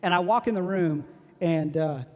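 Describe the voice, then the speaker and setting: A man's voice: high-pitched, normal speed. A man, preaching a sermon in a joking, self-deprecating way and laughing often. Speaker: pastor. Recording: long hall reverb.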